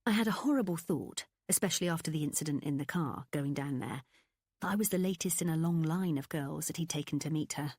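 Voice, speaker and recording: A woman reading a first-person novel aloud as an audiobook narrator, in an expressive, confiding storytelling manner. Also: low voice, brisk, slightly rough, no echo, studio quality.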